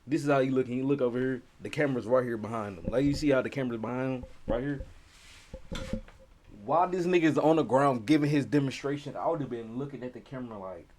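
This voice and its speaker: A man's voice: mid-range voice, fast talker, a little mellow, slight background noise. A man giving loose, profane reaction commentary on a video, full of slang and laughs. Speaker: reaction streamer.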